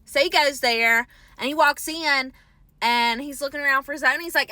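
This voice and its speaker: A woman telling a ghost story casually, animated and profane, checking in with her listeners as she goes. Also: sits high, moderate pace, no echo.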